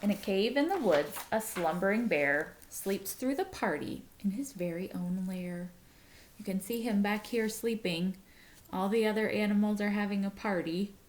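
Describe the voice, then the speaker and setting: A woman's voice: medium pitch, a little hiss or hum. A woman teacher reading a picture book aloud to her class, adding short comments between pages. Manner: slow, expressive storytelling with comments to listeners.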